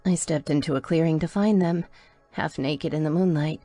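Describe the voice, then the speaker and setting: A woman's voice: low-pitched, normal speed, dark tone, no room sound, soft background music. A woman reading a first-person audiobook in an intimate storytelling manner. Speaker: audiobook narrator.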